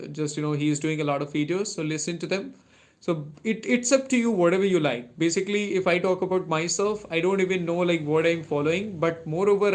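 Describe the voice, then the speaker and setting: Young Indian English-accented male streamer, a bit high-pitched, casual and halting. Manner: hesitant, many fillers and restarts. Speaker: English-learning livestream host. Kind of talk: casual live chat answering viewers.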